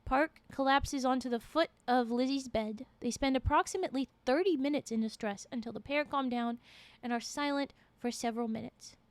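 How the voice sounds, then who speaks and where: A woman streamer with a high voice reads a story aloud, breaking off for lively asides to her chat. She sits close to the microphone, and the sound is dry with no room around it. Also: moderate pace, hardly any pauses, clean tone, no room sound. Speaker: streamer reading stories. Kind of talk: live-stream story reading.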